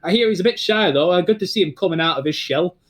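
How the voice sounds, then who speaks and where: Brief: man voicing crude male announcer, raised pitch, punchline delivery. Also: expressive, fast talker. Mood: joking. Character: wisecracking male arena announcer, crude and jokey.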